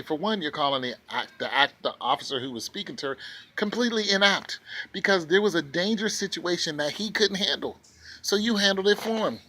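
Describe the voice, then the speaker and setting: A man's voice: fairly high pitch, pushed and bright. A man giving ranting commentary as a vlogger, sarcastic and indignant, repeating his points for emphasis.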